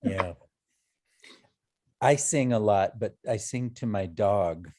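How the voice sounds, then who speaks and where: A man's voice: lowish voice, takes it slowly, mellow. A man hosting a storytelling swap online, chatting casually and encouraging the tellers. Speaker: event host. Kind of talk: casual emcee chat.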